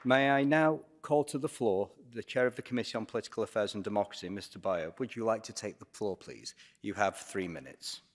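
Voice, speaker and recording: A man presides over an assembly session, calling speakers and running votes in a formal, procedural manner. His voice sits on the low side and carries the long reverb of a large chamber. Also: brisk, hardly any pauses. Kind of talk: procedural chairing.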